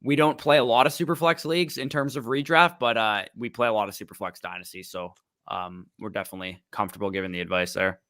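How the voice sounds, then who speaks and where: A young man with a lowish but bright voice co-hosts a live stream. He talks in a relaxed, offhand way and agrees easily. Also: fast. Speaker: fantasy football podcast co-host.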